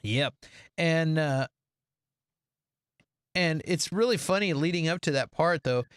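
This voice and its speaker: A man's voice: a little high, slow, clean tone, no room sound, studio quality. A man co-hosting a casual podcast, recapping a movie and acting out the characters' lines. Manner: animated, acts out the characters' lines in different voices. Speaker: podcast co-host.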